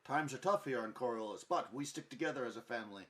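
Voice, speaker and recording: A man's voice: medium pitch, animated, fast talker, fairly bright tone, lightly acted. A man voicing the hospitable older wife of a baker, who talks like a fussing hostess.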